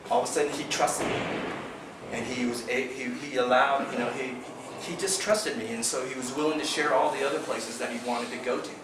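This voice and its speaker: A man telling a fishing tournament story at a club meeting, acting out the quotes with animation. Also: medium pitch. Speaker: fishing team member recapping a tournament. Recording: echoey room from far off, noisy.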